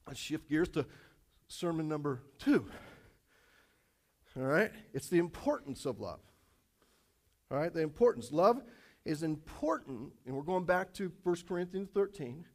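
A male preacher with a fairly high voice delivers a casual sermon. He tells stories with jokes, swinging from loud, punchy lines to quiet asides. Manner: casual, animated storytelling with jokes. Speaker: pastor.

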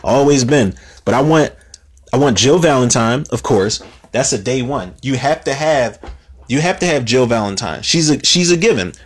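A man's voice: mid-range voice, expressive, normal speed, husky. A man hosting a solo podcast, rambling casually, stammering over his words and swearing freely. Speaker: podcast host.

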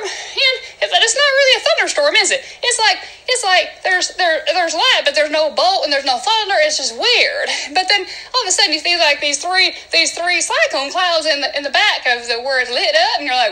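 A woman's voice: very high voice, very animated, moderate pace, hardly any pauses, poor audio. A woman hosting a podcast in a goofy, rambling comedic monologue, laughing and jumping from bit to bit. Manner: goofy, loud, laughing, jumping between bits. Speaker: podcast host.

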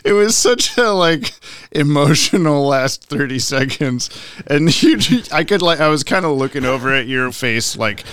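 Male podcast host, animated pitch, teasing and quick to laugh. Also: clear, resonant tone, no echo, clean studio sound. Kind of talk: casual chat.

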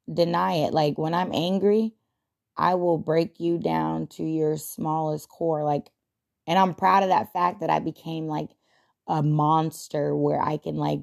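A woman's voice: sits low, gravelly. A young adult woman hosting a podcast, talking casually and reflectively, chatty and self-deprecating with frequent laughs. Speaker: podcast host.

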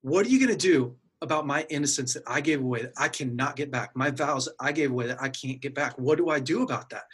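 A husky, middle-aged man speaks in an earnest, candid way, sharing a painful personal story. His voice sits at an ordinary pitch with a breathy edge. He acts out the things he said to himself as he tells it. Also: fast, hardly any pauses, a bit bright. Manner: earnest, emotional, acts out his inner dialogue.

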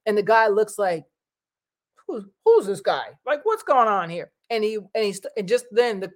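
A middle-aged woman, talking straight to her viewers in a rambling, chatty monologue and slipping into animated voices when she quotes people. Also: mid-range voice, moderate pace, slight background noise. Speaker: vlogger.

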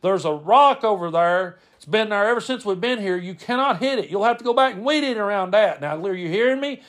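Man putting on a loud, blunt, barking uncle. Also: high-pitched, animated, fairly quick, voice pushed up. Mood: stern lecturing.

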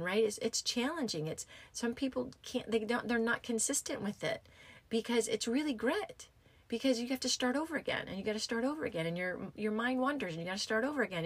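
A woman's voice: on the high side, breathy edge, no room sound. Emphatic woman in her fifties, dry close sound. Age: 50s. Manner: emphatic, repeats key phrases. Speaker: podcast host and yoga teacher. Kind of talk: casual motivational monologue.

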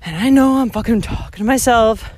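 A woman vlogging while out on a walking route, ranting and rambling with heavy swearing, jumping between loud outbursts and quiet muttered asides. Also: a little high, brisk, slight background noise. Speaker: vlogger hiking a long-distance trail. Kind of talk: ranting monologue to the listener.

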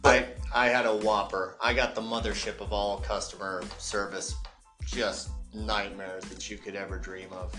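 A podcast co-host tells a long story about work in casual conversation, acting out the people in it and mimicking customers in raised voices. His voice is fairly low and his speed normal, with faint music in the background.

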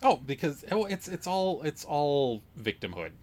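A man's voice: fairly high pitch, big pitch swings, a little slow, a little mellow. A man co-hosting a movie podcast, chatting casually and animatedly, often repeating words for emphasis and laughing. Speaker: podcast co-host.

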